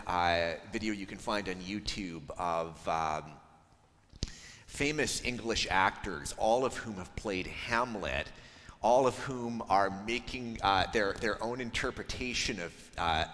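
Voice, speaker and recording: A man preaching a sermon as a pastor, in a conversational, thoughtful way with frequent ums and pauses. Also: low voice, fairly bright tone, big-room sound, a little hiss or hum. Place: church.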